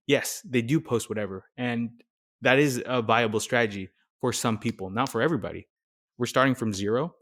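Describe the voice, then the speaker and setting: A young man, a nurse and content creator, giving casual, energetic how-to advice in a direct coaching manner. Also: mid-range voice, fairly quick.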